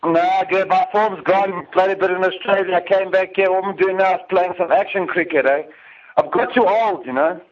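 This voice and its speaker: A man's voice: high voice, steady tone, moderate pace. A man from South Africa calling in to the show, trading crude, swearing banter. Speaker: caller on a phone link. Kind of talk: casual chat. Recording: dull lo-fi phone-call audio.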